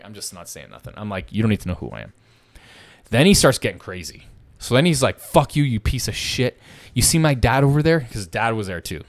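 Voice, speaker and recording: A young man telling a story in casual podcast chat, swearing a lot and acting out what other people said. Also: fairly low pitch. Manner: profane, animated, acts out the other people's lines.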